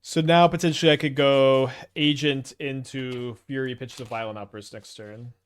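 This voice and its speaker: A man's voice: medium pitch, fairly even intonation, moderate pace, smooth. A man with a Canadian accent giving casual, rambling game commentary, thinking aloud with hesitant restarts. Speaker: gameplay commentator.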